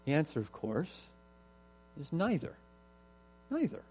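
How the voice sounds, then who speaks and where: A man's voice: medium pitch, normal speed, a little mellow, slight background noise. A man preaching a sermon in an earnest, emphatic way and repeating his key phrases.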